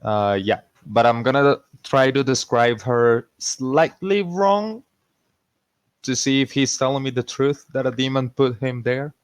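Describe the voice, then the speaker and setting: A man's voice: medium pitch, clear, resonant tone, no room sound. A man playing a tabletop game, talking hesitantly with lots of fillers. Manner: hesitant, filler-heavy, slow-spoken. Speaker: player. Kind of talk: casual in-character tabletop play.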